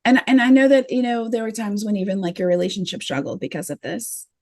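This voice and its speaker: Woman host, mid-pitched, warm encouragement, filler-heavy, dry close recording. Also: fast, dry recording. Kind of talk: casual conversation.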